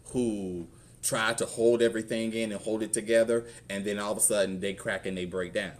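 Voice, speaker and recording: Deep-voiced Southern pastor, candid and rambling. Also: male voice, fairly even intonation, fairly quick. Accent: Southern American. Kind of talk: conversational sermon.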